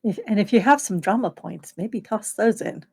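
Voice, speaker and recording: A woman's voice: mid-range voice, normal speed, creaky, a little mellow, slightly rough. A woman playing a tabletop role-playing game, chatting in a loose, rambling way. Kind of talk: casual chat.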